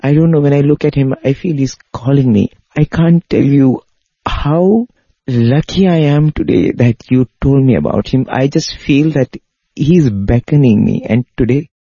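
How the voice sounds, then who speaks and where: A man voicing an emotional grown man overcome with gratitude, talking high and pleading. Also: moderate pace, mellow, husky, no echo, muffled recording. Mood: tearful grateful.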